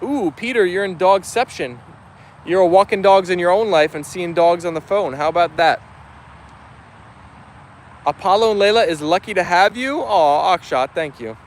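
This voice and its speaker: At a moderate pace, a high-pitched man reads comments from his dog channel's live chat while outdoors with the dogs. The tone is relaxed and friendly, with slight background noise.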